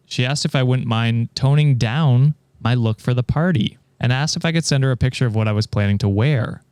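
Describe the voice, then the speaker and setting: Man, podcast host, steady reader, smooth voice, dry close sound, laughs easily. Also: medium pitch, dry recording. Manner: steady reader, laughs often between remarks. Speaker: podcast host reading stories. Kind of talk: reading aloud and casual chat.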